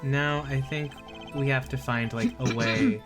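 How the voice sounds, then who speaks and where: A woman streamer thinking aloud in relaxed, casual chat while playing a game. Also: a bass voice, measured pace, music in the background.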